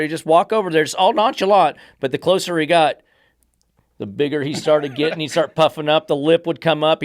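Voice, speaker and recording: A dog trainer and podcast host with a slightly high voice chats casually, blunt and emphatic, sometimes swearing and acting out what dogs are thinking. The recording is dry, with clean studio sound.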